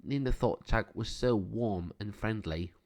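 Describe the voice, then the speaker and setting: A man narrating a children's storybook in a calm, steady reading voice. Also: fairly low pitch, measured pace.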